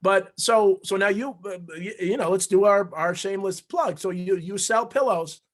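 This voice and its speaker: A high-pitched man hosts an interview over a video call. He talks with eager energy, often restarting and repeating words as he goes. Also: moderate pace, slight background noise. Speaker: forum host. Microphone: computer microphone on a video call.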